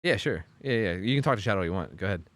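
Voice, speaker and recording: A man's voice: lowish voice, animated, very fast, fairly bright tone, no room sound. A young man streaming and chatting casually, rambling with lots of fillers and casual swearing. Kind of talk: casual chat on a game stream.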